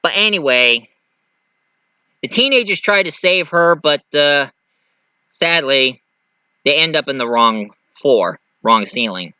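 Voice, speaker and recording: A man's voice: a little high, lively intonation, takes it slowly, long pauses, pushed and bright, clean tone, no room sound. A man casually retelling a movie plot as a reviewer, rambling and chatty, with loose grammar and many fillers.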